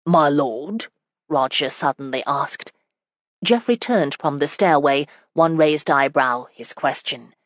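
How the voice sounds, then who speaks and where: Brief: audiobook narrator, even scripted reading, dead-dry recording. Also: medium pitch, measured pace, dry recording.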